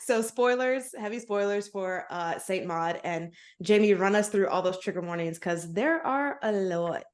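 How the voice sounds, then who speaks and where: A woman's voice: medium pitch, lively intonation, normal speed, darkish tone. A woman co-hosting a podcast in casual chat, talking freely, laughing often and tripping over names. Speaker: podcast co-host.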